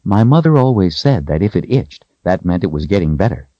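A man narrating a story voices a friendly, wry young woman with a lightly raised, gentle voice. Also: low voice, very animated, a little fast, no echo, highs cut off, pitched above the performer's own voice.

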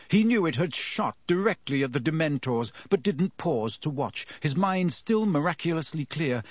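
A man giving lively, dramatic audiobook narration. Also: a little high, no echo.

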